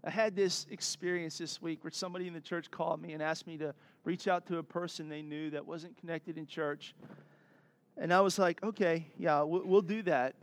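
A man's voice: fairly high pitch, fairly even intonation, normal speed. A man preaching a sermon as a pastor, earnest and exhorting, breaking into laughs and asides.

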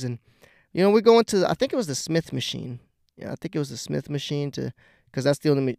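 A man's voice: on the high side, a little mellow, clear, resonant tone, no echo, studio quality. A young man telling a rambling, profane story in a casual monologue, often laughing at his own jokes. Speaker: podcast host.

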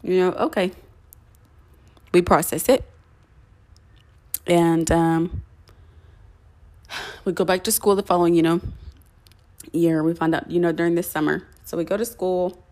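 A woman's voice: lowish voice, steady tone, measured pace, pauses often, darkish tone. A young woman hosting a podcast, telling a personal story in a chatty way with many fillers and restarts. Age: young adult. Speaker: podcast host.

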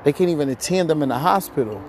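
A man's voice: fairly high pitch, animated, quick pace, faint music behind. A man hosting a podcast, ranting heatedly with lots of profanity and a rambling flow, somewhat out of breath. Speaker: podcast host. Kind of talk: ranting monologue.

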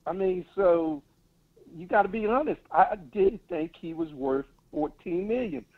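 A man's voice: sits high, expressive, measured pace. A man calling in to a sports talk show, giving blunt, confident opinions in casual chat over a phone line. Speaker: caller.

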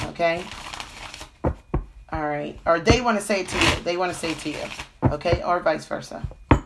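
A woman's voice: medium pitch, very noisy. A woman with a cold giving a casual live-stream tarot reading, full of fillers and "okay?" check-ins. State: has a cold. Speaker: tarot reader.

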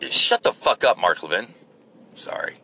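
A man's voice: deep voice, wildly swooping pitch, moderate pace, sharp tone, a little hiss or hum. A man ranting casually while driving, rambling and profane, rude and crude by his own account. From United States. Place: in a car on the road.

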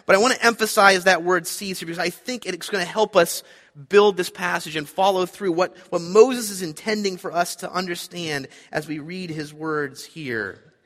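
A man's voice: high-pitched, moderate pace, fairly bright tone, long reverb tail. A man preaching a sermon, earnest and emphatic, repeating his key points. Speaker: pastor.

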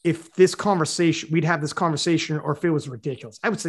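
A man with a high voice chatting on a podcast. He is excitable and slangy and swears freely. His talk runs loose and casual. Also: fast. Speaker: podcast guest. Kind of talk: casual chat.

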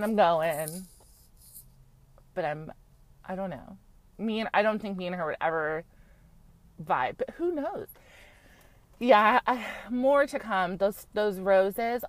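A woman giving a casual, gossipy recap of a reality show, frank and chatty, peppering her talk with "like" and the odd swear. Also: mid-range voice. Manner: chatty, frank, heavy use of "like", swears freely.

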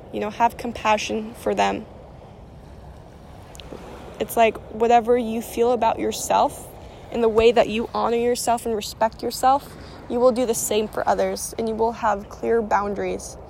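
A woman's voice: mid-range voice, vocal fry, a little mellow, slight background noise. A young woman rambling casually about spiritual energy and self-healing, with lots of fillers and restarts.

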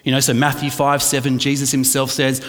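A man's voice: medium pitch, monotone, a little fast, fairly bright tone, big-room sound. A man preaching a conversational sermon, often checking in with his listeners. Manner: conversational, asks the congregation "right?" often. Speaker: pastor.

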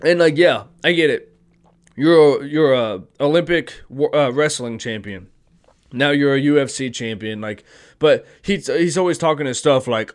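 A man's voice: medium pitch, expressive, normal speed. A man hosting a podcast, talking casually and profanely about sports with strong opinions. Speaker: podcast host.

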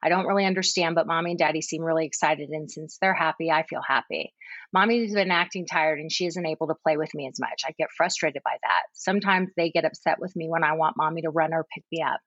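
Woman reading as a jealous three year old big sibling, gentle story read, lowish voice, dull lo-fi sound. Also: fast talker, no room sound. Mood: wistful. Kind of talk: reading a child's story aloud.

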